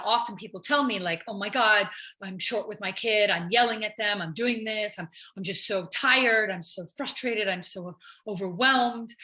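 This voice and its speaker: A woman's voice: mid-range voice, sharp tone. A woman hosting a podcast, chatting casually and affirming her guest in an encouraging way. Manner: encouraging, affirming talk with frequent back-channels. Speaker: podcast host.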